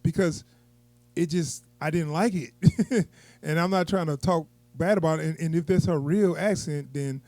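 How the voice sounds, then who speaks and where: A man's voice: a little high, normal speed, a little mellow, no room sound. A man giving a casual, unscripted movie review, rambling and chuckling as he goes.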